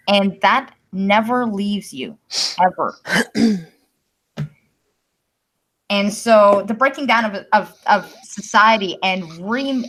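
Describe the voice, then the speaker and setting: A woman's voice: medium pitch, a bit bright, low-quality recording. A woman from Canada hosting a live-stream podcast, explaining her views at length in casual talk with casual swearing. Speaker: podcast host.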